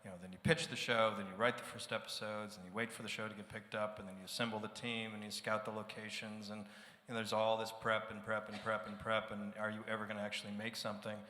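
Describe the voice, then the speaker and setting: A man, a producer, telling a reflective story on a live panel, with frequent pauses and fillers. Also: fairly low pitch, level tone, sharp tone. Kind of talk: casual panel chat. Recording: echoey hall, live event.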